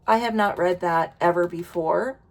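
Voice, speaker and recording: A woman reading oracle cards aloud in a casual vlog, slow and emotional, sighing and interrupting herself. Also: lowish voice. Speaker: oracle card reader. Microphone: wireless earbuds.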